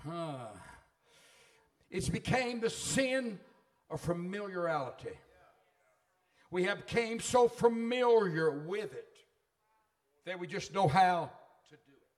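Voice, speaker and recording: A man's voice: sits high, expressive, slow pace, pauses often. A middle-aged man preaching a sermon in a fervent, folksy way.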